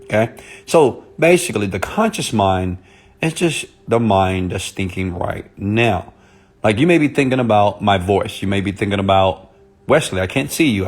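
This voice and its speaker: A man speaking softly and intimately on a live stream, greeting viewers by name as a motivational speaker. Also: fairly low pitch. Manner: soft, intimate on purpose; chatty, greets commenters by name.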